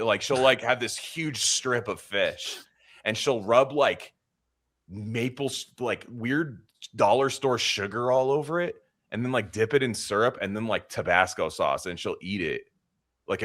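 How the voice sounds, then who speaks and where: A man hosting a podcast in casual, crude banter, rambling and swearing, now and then mocking accents in a high put-on voice. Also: a bit bright. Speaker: podcast host.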